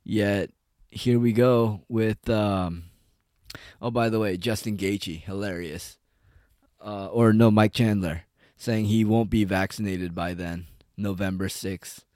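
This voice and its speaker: A man's voice: on the low side, steady tone, takes it slowly, a little mellow, no room sound, clean studio sound. A man giving a casual, rambling, profane rant as an online commentator. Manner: profane, rambling, heavy on "like" and "dude".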